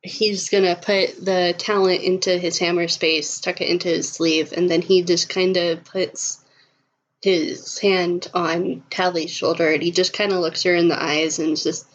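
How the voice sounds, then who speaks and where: A woman's voice: fairly low pitch, level tone, measured pace. A woman narrating her character in a tabletop role-play, laughing often and filling with "like". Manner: laughs often, many fillers. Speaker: player. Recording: slightly muffled recording.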